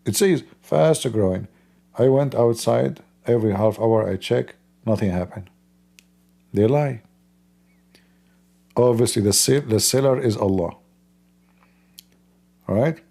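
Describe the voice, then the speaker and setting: A man's voice: medium pitch, a little slow, gravelly, pauses often, dark tone. A man hosting a livestream, talking in a mocking, sarcastic way. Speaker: host. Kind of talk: livestream commentary.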